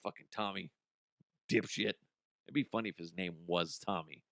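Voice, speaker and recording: A man's voice: low-pitched, normal speed, creaky, fairly bright tone, no echo, clean studio sound. A man hosting a comedy podcast, ranting animatedly with profanity and laughing at his own jokes. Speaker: podcast host.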